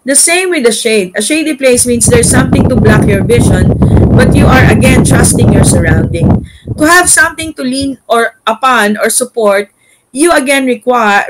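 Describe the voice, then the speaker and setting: A woman's voice: on the high side, expressive, moderate pace, a little hiss or hum, poor audio. A woman with a Filipino accent leading a Bible study, mixing English with Tagalog tag questions.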